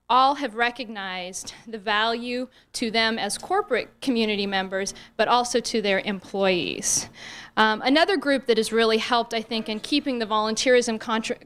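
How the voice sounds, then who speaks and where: An American woman giving a prepared talk as a panel speaker, earnest and often pausing with fillers. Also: mid-range voice, fairly bright tone, smooth.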